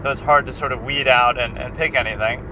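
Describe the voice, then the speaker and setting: Over background noise, a male film critic talks in a mid-range, steady voice at a quick pace. He meanders through a casual vlog recorded outdoors on a handheld recorder, restarting sentences and using lots of fillers.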